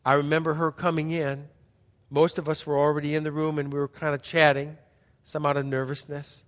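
This middle-aged pastor delivers a story-style sermon that is emphatic and repetitive, with hushed stretches between bursts. His slightly high voice comes out flat and brisk, and the hall adds a long reverb.

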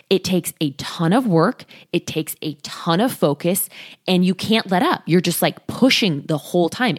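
A woman with a somewhat low voice talks as a body image coach. She is earnest and expressive and slips into the voices of listeners' inner thoughts. The sound is dry and close, with no room around it. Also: measured pace, dry recording. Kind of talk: casual motivational talk.

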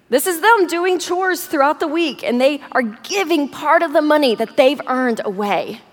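High-voiced young woman speaking in church. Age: young adult. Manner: earnest, steady, encouraging. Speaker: guest speaker. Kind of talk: preaching to a church congregation. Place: church auditorium. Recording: long reverb of a large hall.

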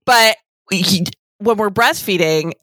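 A middle-aged woman who works as a lactation consultant, co-hosting a casual talk show with animated, exasperated chat. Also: medium pitch, slow pace, no room sound, poor audio. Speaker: podcast co-host, lactation consultant.

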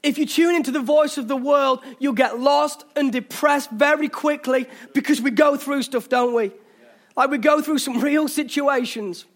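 A man with an English accent preaching a passionate sermon in a church, urging listeners on, with jokey asides. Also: extremely high pitch. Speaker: pastor. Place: church hall.

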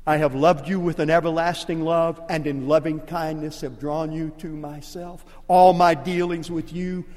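An older man with a Cajun accent, a pastor preaching a sermon with impassioned swings from hushed to loud. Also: fairly high pitch, fairly even intonation, normal speed, long reverb tail. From Louisiana, USA.

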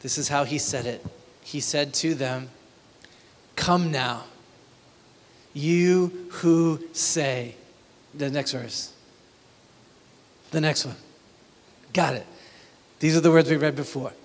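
A pastor preaching a conversational sermon, often asking the congregation if they feel it. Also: male voice, medium pitch, fairly even intonation, measured pace, pauses often, in a large hall.

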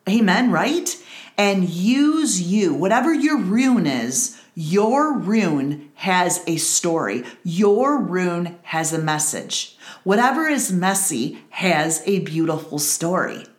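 A woman's voice: fairly low pitch, lively intonation, takes it slowly, reverberant. A middle-aged woman hosting a Bible study, giving an earnest personal testimony and repeating phrases for emphasis.

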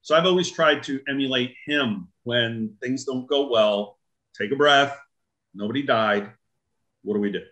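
A man's voice: mid-range voice, measured pace, dull audio. A middle-aged man, a guest in an interview, telling a story and acting out the dialogue in it. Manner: animated, acts out quoted dialogue. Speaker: guest, leadership training firm owner.

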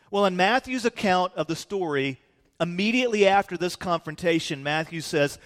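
A pastor preaching in a relaxed, storytelling way, dropping casual asides as he goes. His voice sits on the higher side for a man. It carries a long reverb, as from a church hall. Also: brisk. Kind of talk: sermon.

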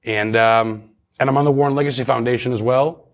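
Fast-talking gravelly man rambling. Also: mid-range voice, fairly even intonation. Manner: rambling, chatty, many restarts. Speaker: paranormal investigator guest. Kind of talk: casual interview talk.

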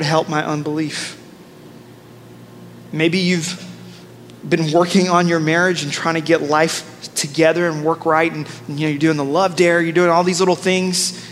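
A male pastor in his thirties delivers an energetic, humorous sermon, calling out to the congregation to repeat after him. His voice sits high for a man. It rings with long reverb through a large church, with faint noise underneath. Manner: energetic, humorous, leads congregation call-and-response.

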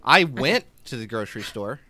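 A young adult man co-hosting a casual podcast, deadpan and hesitant with stumbling restarts. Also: medium pitch, moderate pace. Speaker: podcast co-host.

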